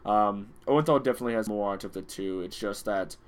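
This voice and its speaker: A man's voice: lowish voice, fast talker, a little hiss or hum. A young man narrating as dungeon master, hesitant, with many fillers and restarts. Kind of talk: narrating a tabletop game.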